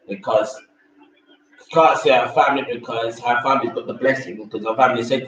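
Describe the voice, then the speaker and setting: A man's voice: medium pitch, fairly even intonation, fast talker, a bit bright. A man in casual, opinionated chat, rambling and repeating himself as he gives blunt views. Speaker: vlogger reviewing a reality show. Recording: echoey, distant, dull lo-fi room sound.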